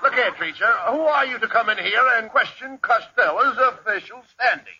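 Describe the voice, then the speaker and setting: A man's voice: very high voice, expressive, normal speed, sharp tone. A man playing the straight man in a 1940s radio comedy, scolding and exasperated. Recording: very noisy lo-fi old radio broadcast.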